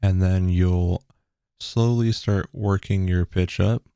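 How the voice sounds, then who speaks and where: A young man giving a casual tutorial in a loose, relaxed way with frequent ums, recorded on a bass-heavy broadcast microphone at home. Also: slow, clear, resonant tone, no room sound, clean studio sound. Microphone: bass-heavy broadcast dynamic microphone.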